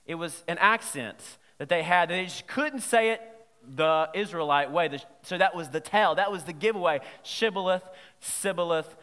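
A man preaching a sermon in a playful, lively way, quizzing his audience as he goes. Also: on the high side, normal speed, big-room sound. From Southern United States. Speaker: pastor.

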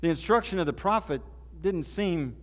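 A man's voice: on the high side, lively intonation, moderate pace. A man from Oklahoma, preaching a sermon in a folksy, conversational storytelling way. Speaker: pastor. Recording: reverberant hall.

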